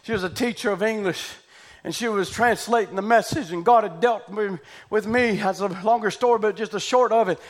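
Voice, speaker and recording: A man preaching a revival sermon, fervent and shouting out hallelujahs as he prays over the congregation. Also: high voice, brisk. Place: church building with congregation.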